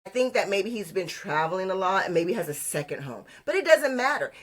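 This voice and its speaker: A woman's voice: medium pitch, very animated, a little fast. A woman from Texas, co-hosting a podcast in sassy, emphatic casual chat full of Southern sayings. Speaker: podcast co-host.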